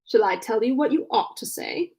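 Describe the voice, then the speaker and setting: A woman reading aloud and voicing a witty, teasing young gentleman with mock-formal manners. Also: a little high, wildly swooping pitch, moderate pace, vocal fry, exaggerated voice. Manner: mock-formal, then simpering when he affects a pose.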